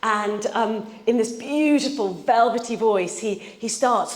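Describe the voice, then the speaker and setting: A woman preaching a sermon in a church, telling stories in an earnest way and slowing down to read scripture. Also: a little high. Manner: earnest, storytelling, slows for scripture reading. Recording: echoey church room.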